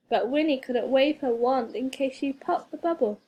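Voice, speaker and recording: A woman reading a children's storybook aloud as a teacher, expressive and playful with sound effects. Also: fairly high pitch, normal speed, hardly any pauses, slightly rough.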